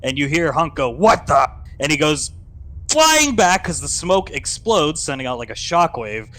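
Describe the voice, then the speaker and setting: A man narrating as game master, telling the scene with lively sound effects. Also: on the high side, moderate pace.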